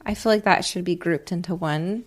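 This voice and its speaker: A woman co-hosting a casual family chat, speaking gently and asking follow-up questions. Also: on the low side, a little fast.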